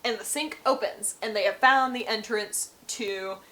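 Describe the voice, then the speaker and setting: A woman's voice: medium pitch, measured pace, bright, forceful tone, low-quality recording. A woman host chatting through a casual, rambling book recap with lots of fillers.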